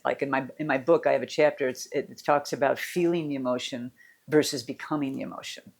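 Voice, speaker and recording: A woman's voice: low voice, a little mellow. Middle-aged woman coach just chatting, rambly, lots of restarts, candid. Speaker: mental fitness coach. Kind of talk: casual personal talk.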